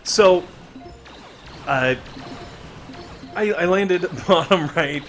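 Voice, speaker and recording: A man's voice: high-pitched, extremely slow, a bit bright, soft background music. A man giving casual, rambling gameplay commentary with joking asides. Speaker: gaming video creator.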